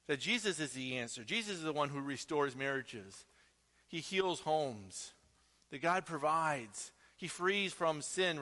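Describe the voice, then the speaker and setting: A middle-aged male pastor with a high, bright, ringing voice preaches emphatically, tossing out rhetorical questions to his congregation. His words trail off into the long reverb of a large church hall. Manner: emphatic, peppered with rhetorical "right?". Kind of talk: sermon.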